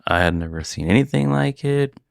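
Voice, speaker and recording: Very deep-voiced laid-back man. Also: expressive, fairly quick, creaky, smooth, no echo, studio quality. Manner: laid-back, brief agreeing replies. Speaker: podcast co-host. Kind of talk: casual chat.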